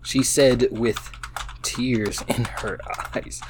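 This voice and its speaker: A man's voice: mid-range voice, fairly even intonation, slight background noise. A man reading an AI-written story aloud, breaking off into amused, laughing asides about what the text says. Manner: slow, halting reading broken by laughing asides. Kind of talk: casual reading aloud with commentary.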